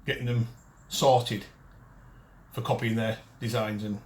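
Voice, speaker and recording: Blunt bloke, 50s, ranting to camera, keeps restarting. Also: male voice, on the low side, level tone, a little slow, a little hiss or hum. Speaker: detecting show host and dealer. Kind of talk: casual chat to camera.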